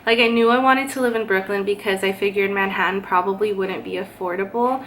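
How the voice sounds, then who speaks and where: A woman's voice: mid-range voice, steady tone, fairly quick, a bit bright, slight background noise. A young woman from California telling a personal story in a chatty vlog style, with lots of fillers. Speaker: vlogger. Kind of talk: casual storytime.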